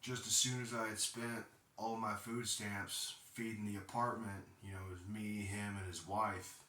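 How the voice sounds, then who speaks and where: A very low-pitched man in his thirties tells his own story in a blunt, profane way, heated at times. His voice has a bright, forceful edge. He sits some way from the mic in an echoey room. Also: flat delivery, moderate pace. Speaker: podcast host. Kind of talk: personal storytelling monologue. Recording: roomy sound, distant from mic.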